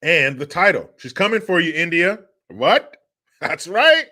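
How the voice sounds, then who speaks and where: A man's voice: on the high side, big pitch swings, measured pace, pushed and bright. A man hosting a casual livestream, reading out viewer donations with joking, sarcastic remarks and frequent laughter.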